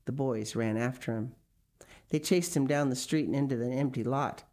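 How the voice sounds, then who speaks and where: A woman reading a children's picture book aloud, with lively expression and small asides. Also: rumbling low, normal speed. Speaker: storyteller.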